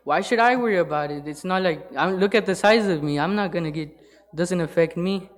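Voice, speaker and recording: A man's voice: high-pitched, brisk, close to an everyday voice. A man voicing a big farm cow in a spoken church parable, sounding dismissive and self-assured.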